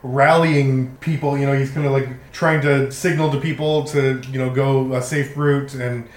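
A man's voice: medium pitch, little pitch movement, moderate pace. Guy gm rambling thru a tabletop scene, lots of ums, echoey. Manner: casual, rambling with many ums and laughs. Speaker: game master. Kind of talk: narrating a tabletop game. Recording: roomy echo.

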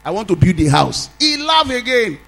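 Animated Nigerian pastor telling a story. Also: male voice, moderate pace, gravelly, rough recording. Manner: animated, swings from loud exclamations to low asides, acts out laughter. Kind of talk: storytelling sermon.

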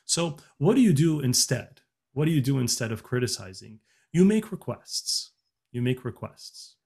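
A man's voice: mid-range voice, lively intonation, moderate pace, vocal fry, darkish tone, husky. A man talking earnestly in a casual podcast chat, giving relationship advice with many restarts and fillers.

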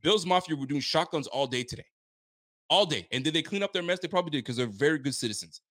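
A man's voice: on the high side, animated, quick pace, a bit bright, dry recording, clean studio sound. Hyped man recapping a football game. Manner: hyped, emphatic, joking and rhetorical. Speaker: fan channel host. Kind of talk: live stream football recap.

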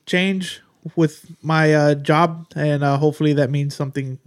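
A man's voice: on the high side, steady tone, moderate pace, clean tone. A man whose voice sits a bit above the usual male range, talking in a casual podcast. He answers hesitantly, stopping often to search for words. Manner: hesitant, many fillers. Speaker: podcast co-host. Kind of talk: casual chat.

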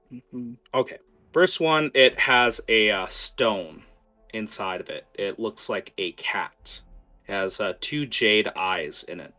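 A man narrating as game master of a tabletop game, quick and hesitant, with many fillers. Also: on the low side, pushed and bright.

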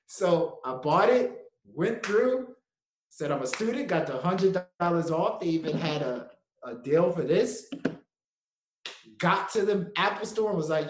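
A man's voice: sits high, measured pace, a little hiss or hum. A young man co-hosting a podcast, telling a story in casual chat and acting out quotes with frequent laughter. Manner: animated storyteller, laughs often, acts out quotes. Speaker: podcast co-host. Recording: echoey room.

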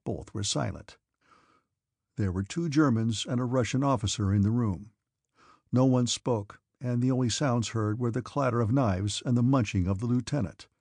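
A male audiobook narrator reading a classic novel in a measured, steady way. His voice is gravelly and husky, recorded close in a dry room with no echo. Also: mid-range voice. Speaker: audiobook reader. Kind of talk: scripted narration.

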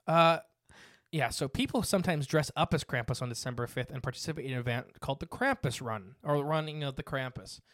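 Male podcast host, relaxed chatty delivery, reads from notes, dry close sound. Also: mid-range voice, fairly quick, dry recording. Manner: reads notes aloud with fillers and asides. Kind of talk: casual podcast chat.

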